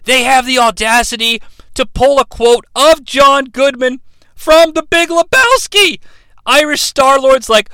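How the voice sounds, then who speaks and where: A man's voice: extremely high pitch, a little slow, sharp tone, smooth, no room sound. A man reviewing a movie in a sarcastic, profane, rambling comedic rant.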